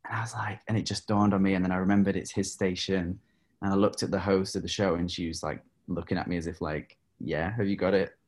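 A singer being interviewed casually tells stories fast in a deep voice, laughing frequently and leaning on lots of fillers in an animated way.

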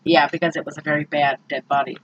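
A woman with a bright, forceful voice chats through a movie plot, animated and easily exasperated. A faint bit of noise sits under her voice. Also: low-pitched, quick pace, dull audio. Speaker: podcast co-host. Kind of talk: casual movie recap chat.

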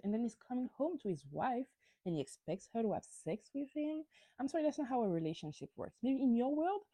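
A woman's voice: fairly high pitch, dark tone, no room sound. A woman hosting a podcast, giving a ranting gossip recap of reality TV, swearing freely and stumbling over words when worked up. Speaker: podcast host.

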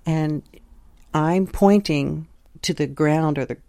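A middle-aged woman from southern Indiana slowly recounting her dreams in a sunroom at home, pausing and restarting as she goes. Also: low-pitched, mellow, dry recording. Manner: unhurried, halting, with pauses and restarts. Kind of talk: reflective personal storytelling.

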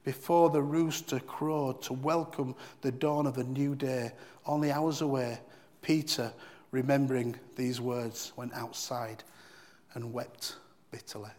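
A man's voice: medium pitch, steady tone, a little slow, darkish tone, long reverb tail. A man giving a devotional Bible teaching in an earnest, emphatic way, often repeating key phrases.

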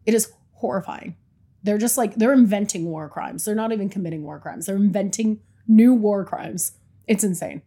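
A woman co-hosting a podcast in casual chat, animated and laughing, often trailing off mid-sentence. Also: medium pitch, moderate pace, husky. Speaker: podcast co-host.

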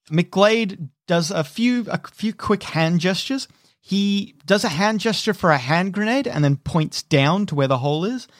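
A man narrating as game master in a tabletop role-playing game, unhurried and descriptive, with frequent restarts. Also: a little high, dry recording, studio quality.

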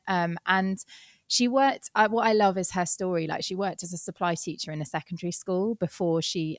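A woman's voice: on the low side, dry recording. A woman hosting a podcast in a casual, chatty way, laughing often. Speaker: podcast host. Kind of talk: casual chat.

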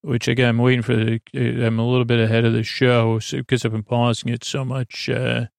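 A man recaps an episode for a sleep podcast in a low-key, unhurried way, often stopping to correct himself. His voice has a gravelly fry and stays level, with little rise or fall. The sound is dry and close. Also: level tone, no echo. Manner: halting, many fillers and self-corrections.

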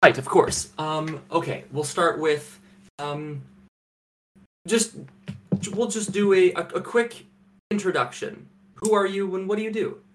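A man's voice: sits high, measured pace, long pauses, a little hiss or hum. A man playing an interviewer in a comedy sketch, fumbling his questions with many ums. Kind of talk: mock interview.

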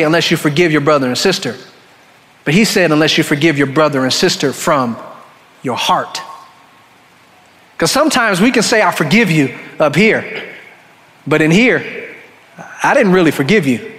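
A man's voice: sits high, a bit bright. A male pastor preaching a sermon in a conversational way, acting out the story's voices as he goes. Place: church sanctuary. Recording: church hall with long reverb.

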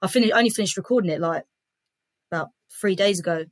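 A woman's voice: medium pitch, fast, dry recording. A woman comedian and writer chatting as a guest, upbeat and talking in long run-on strings. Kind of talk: casual interview chat.

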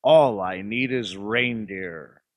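A man's voice: lowish voice, slow pace. A man voicing the Grinch, a sour, scheming Christmas-hating creature who snarls and growls his lines in an amateur audio drama.

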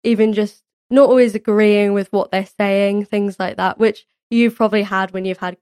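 A woman's voice: mid-range voice, steady tone, moderate pace, darkish tone, smooth, no echo, clean studio sound. A young woman, a Pilates teacher guest, talking in a rambling, reflective way with frequent giggles. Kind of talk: casual interview chat.

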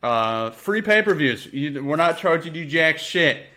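A man's voice: fairly high pitch, very animated, unhurried, sharp tone. Casual young male podcast host. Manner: loose, swearing, hyped intro.

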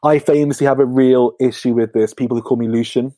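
An English man with a slight lisp, a comedian chatting casually as a podcast guest and telling animated stories. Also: mid-range voice, fast, dry recording. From England.

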